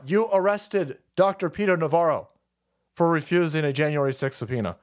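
A man hosting a political commentary stream, ranting crudely and mocking the clips he plays. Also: fairly quick. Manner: mocking, crude, shouting swings in pitch; does mocking falsetto voices when quoting others.

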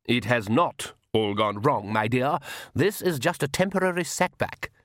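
A man voicing an aristocratic male vampire count who speaks slowly with heavy, condescending patience. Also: mid-range voice, lively intonation, fairly bright tone, dry recording, clean studio sound.

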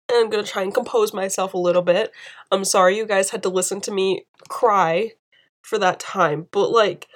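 A young woman hosting a podcast, speaking alone in earnest, emotional commentary and repeating phrases for emphasis. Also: mid-range voice. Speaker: podcast host. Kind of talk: impassioned solo commentary.

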